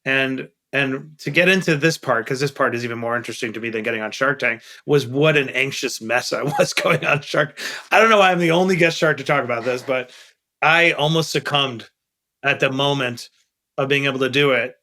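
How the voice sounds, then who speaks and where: A gravelly-voiced investor from Queens, New York, tells stories during a podcast interview. His medium-pitched voice is brisk, pushed, and bright, and he speaks candidly and earnestly, stressing key points.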